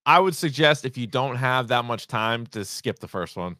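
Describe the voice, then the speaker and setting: Swearing, animated man on a podcast. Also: mid-range voice, normal speed, dry recording, clean studio sound. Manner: swears freely, animated storytelling. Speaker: podcast co-host. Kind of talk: casual chat.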